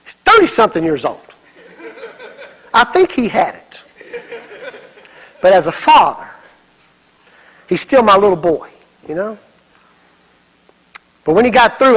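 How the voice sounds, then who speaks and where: A middle-aged man preaching a sermon, telling stories with lively acted quotes. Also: sits high, a little slow, long pauses, breathy edge, poor audio. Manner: animated storytelling with acted quotes. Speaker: pastor.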